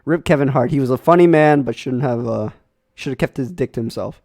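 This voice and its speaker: A young man co-hosting a podcast over a call, making crude deadpan jokes in casual chat. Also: medium pitch, a little fast. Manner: crude deadpan jokes, trying a fake accent. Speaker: podcast co-host.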